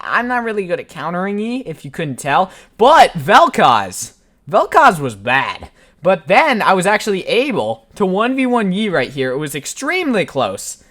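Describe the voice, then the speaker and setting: A man's voice: a little high, a bit bright. A young man casually narrating his own gameplay footage, joking and self-deprecating. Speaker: gaming channel host. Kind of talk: gameplay voiceover commentary.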